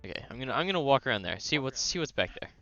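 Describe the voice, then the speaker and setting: Laid-back guy playing a tabletop game, bright voice, lively pitch, kinda muffled lo-fi mic. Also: rapid-fire, soft background music. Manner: easygoing, describing own moves. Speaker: player. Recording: dull lo-fi mic.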